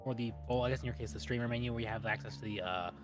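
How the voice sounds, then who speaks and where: A man's voice: medium pitch, very fast, faint music behind. A man in casual stream chat, rambling and repeating words as he thinks aloud.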